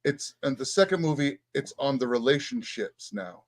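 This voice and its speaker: A man co-hosting a casual podcast, speaking haltingly with many restarts. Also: mid-range voice, animated, no echo. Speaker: podcast co-host. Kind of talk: casual chat.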